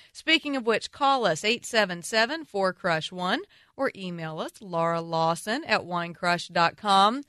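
A woman's voice: medium pitch, fairly bright tone, smooth, no room sound. A woman hosting a radio wine show, bantering playfully and teasing her co-host in the studio.

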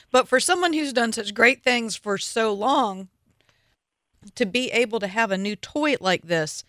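A woman's voice: a little high, bright, forceful tone, no room sound, studio quality. A woman hosting a radio interview, joking with her guest and asking pointed questions. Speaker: radio show host.

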